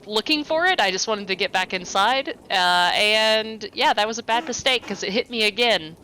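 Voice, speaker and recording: Bright-voiced woman playing a tabletop game. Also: mid-range voice, normal speed, slight background noise, low-quality recording. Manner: chatty, laughs between lines. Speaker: player.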